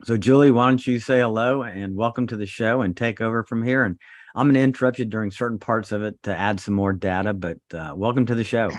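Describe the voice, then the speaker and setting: Man, middle-aged, low-pitched, dry, animated podcast host. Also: fast talker, no room sound. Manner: animated, acts out other people's voices in his stories. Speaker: podcast host and trauma surgeon. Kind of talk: casual storytelling on a podcast.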